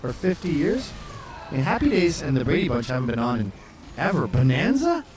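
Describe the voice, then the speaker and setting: A man hosts a loose comedic chat, his pitch leaping around as he riffs. He swears freely and cracks jokes at each thing he reads. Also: fairly quick. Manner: profane, animated, wisecracking. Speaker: host. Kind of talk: casual comedic chat reacting to maps.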